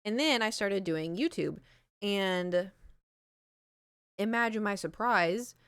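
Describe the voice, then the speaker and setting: A young adult woman speaks slowly with lively intonation in a clean, fairly bright mid-range voice. On a live stream, she sits close to a large studio mic with no echo, chatting casually, rambling and poking fun at herself with lots of fillers and laughs.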